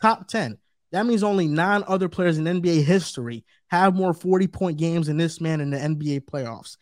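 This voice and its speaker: Man debating sports, emphatic, slightly high voice, dry close sound. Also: fairly quick, no room sound. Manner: emphatic, argumentative, repeats points for stress. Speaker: co-host.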